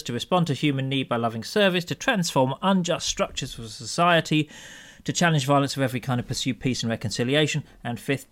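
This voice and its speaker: A man co-hosting a casual podcast, hesitant with lots of ums and restarts and a dry humour. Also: medium pitch. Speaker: podcast co-host. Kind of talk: casual chat.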